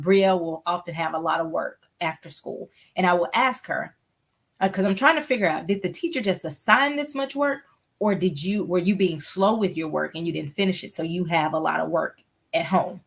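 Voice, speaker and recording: Middle-aged woman, lowish voice, earnest live-broadcast host, explains with examples. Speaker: host offering therapy. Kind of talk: live broadcast talk giving tips.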